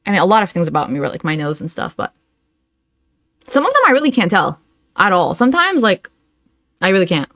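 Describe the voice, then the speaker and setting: A woman's voice: on the low side, sing-song, fairly quick, pauses often, a bit bright. Sarcastic young woman, reaction host. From Arab. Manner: sarcastic, mocking. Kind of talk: reaction commentary.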